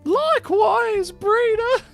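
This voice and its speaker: A squeaky high theatrical tavern guest. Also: male voice, animated, slow, gravelly, fairly bright tone, faint music behind, full character voice.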